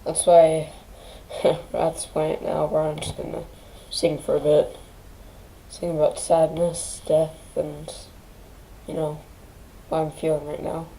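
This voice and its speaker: A grieving woman on her vlog, near tears, speaking in halting phrases that restart and trail off. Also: low-pitched, completely flat delivery, warm tone, a little hiss or hum, rough recording. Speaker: channel host.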